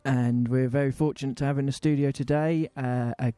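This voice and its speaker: A man's voice: medium pitch, fairly even intonation, brisk, warm tone, no echo, soft background music. A young man co-hosting a casual comedy podcast, hesitant and full of ums as he steers the chat. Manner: hesitant, filler-heavy, earnest. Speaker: podcast co-host.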